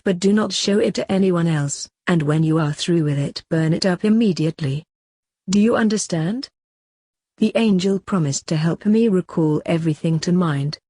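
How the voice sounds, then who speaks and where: A woman narrating a saint's autobiography as an audiobook, in a calm, earnest and measured reading. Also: fairly low pitch, slightly rough, no room sound, studio quality.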